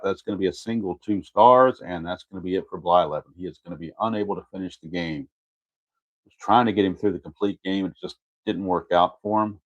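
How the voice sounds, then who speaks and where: A low-pitched man narrates a replay of his tabletop baseball game in casual play-by-play. He methodically reads out dice rolls and chart results, correcting himself along the way.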